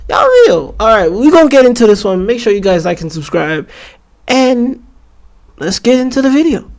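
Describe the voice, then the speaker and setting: Young male reaction host, 21, stuffy nose, high voice, excitable and rambling. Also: normal speed. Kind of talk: casual reaction commentary.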